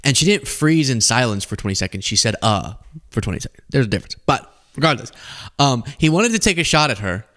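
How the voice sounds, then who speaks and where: A man's voice: medium pitch, very animated, fast talker, fairly bright tone. A man hosting a political commentary podcast, talking casually, laughing often and mocking playfully.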